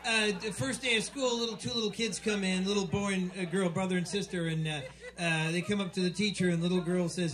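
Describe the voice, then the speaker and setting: High-voiced man telling dirty jokes. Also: fairly even intonation, a little fast. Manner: rambling, stumbling delivery with loud punchlines. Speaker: stand-up comic. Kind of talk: dirty joke stand-up. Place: small club stage.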